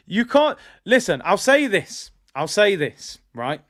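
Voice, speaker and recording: A man's voice: high voice, sing-song, slow pace, fairly bright tone. A young man hosting a football watch-along, talking casually and animatedly, repeating himself as he argues his point. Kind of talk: casual live match commentary.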